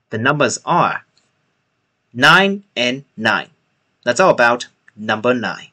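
Slow, bright-voiced young man vlogging. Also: medium pitch, lively intonation. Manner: slow, careful speech practice with repeated phrases. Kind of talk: casual video diary.

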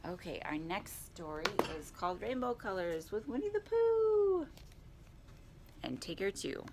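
A woman at a library storytime, reading a picture book aloud in a clear, expressive way. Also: lowish voice, normal speed, noisy background.

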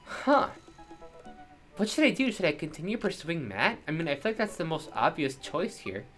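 Chatty low-voiced woman gaming. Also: very animated, moderate pace, soft background music. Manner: chatty, joking, swearing. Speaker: let's play host. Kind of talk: casual gameplay commentary.

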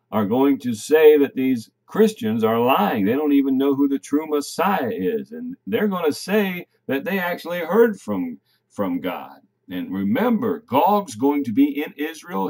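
Male Bible teacher, emphatic and animated, with a pitch that swings up and down a lot while preaching prophecy. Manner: addresses listeners as brothers and sisters. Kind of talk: prophecy teaching, reading scripture on screen.

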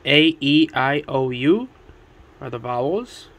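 A man teaching Spanish words at a board, repeating each one slowly and deliberately. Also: mid-range voice, animated, fairly bright tone. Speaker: Spanish tutor.

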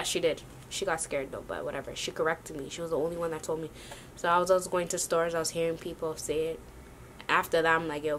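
A woman's voice: fairly low pitch, fairly bright tone, a little hiss or hum. A woman vlogging a sneaker haul, rambling and casual with lots of slang. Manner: chatty, rambling, slangy ("yo", "y'all").

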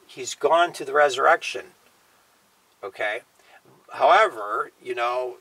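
A man gives a Bible teaching, talking loosely and often tagging points with a soft "okay?" that trails off. His voice sits at an ordinary middle pitch. The recording sounds dry and close, with no room echo. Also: vocal fry. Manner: frequent "okay?" and "you know" tags, trailing off quietly. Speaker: preacher.

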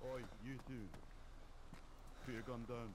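A man with a Scottish accent talking over in-game voice chat, giving blunt, gruff commands. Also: medium pitch, completely flat delivery, measured pace, no echo, poor audio. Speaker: other player in voice chat.

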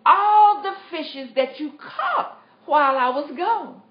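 A kindly, wise old fisherman, told by a woman storyteller, firm and instructive as he speaks slowly and with lively pitch. The recording is echoey and dull, like a lo-fi livestream. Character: kindly older male fisherman, wise mentor.

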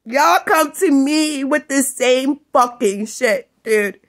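A woman's voice: high voice, slow pace. A tired woman vlogging in a profane, scornful rant, breaking into laughs between jabs. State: tired, up all night. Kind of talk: profane ranting monologue.

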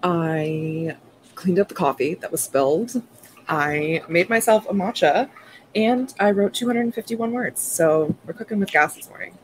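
A woman with a somewhat low voice chats in a breezy, upbeat way about her writing morning. She is heard over a video call. There is faint background noise. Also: lively intonation, measured pace, rough recording. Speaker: writer in a group session. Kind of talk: casual chat.

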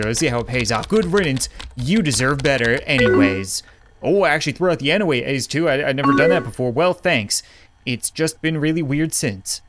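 A young man playing a chat game, reading messages aloud in a jokey, mock dramatic way. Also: fairly high pitch. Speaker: gaming YouTuber.

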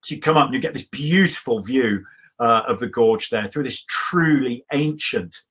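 A man telling travel stories at a live evening talk with a husky, slightly breathy voice. He rambles with enthusiasm and pauses for fillers while he walks the audience through his slides. His voice sits at a middling pitch. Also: a bit bright. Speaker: adventurer giving a travel talk.

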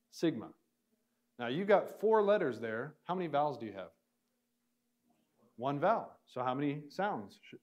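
A man with a medium-pitched voice teaches a classroom lesson, slowly sounding out words syllable by syllable and asking his students questions.

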